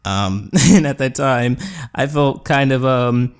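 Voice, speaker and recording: A man's voice: mid-range voice, takes it slowly, smooth. Young man telling a rambling story. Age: young adult. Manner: casual, rambling, with fillers and acted quotes. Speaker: gaming YouTuber. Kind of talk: storytelling over gameplay.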